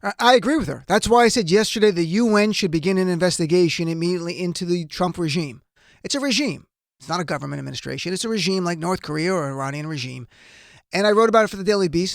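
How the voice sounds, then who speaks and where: A man's voice: high voice, creaky, no room sound, clean studio sound. A man hosting a political talk show, delivering emphatic, indignant commentary. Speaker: radio talk show host.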